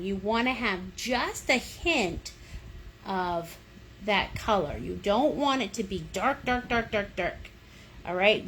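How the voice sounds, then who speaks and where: A woman's voice: on the high side, fairly bright tone, a little hiss or hum. A woman leading a livestream painting lesson, chatty and playful, cheering viewers on and humming little sound effects as she works. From United States. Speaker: painting instructor. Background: fan running.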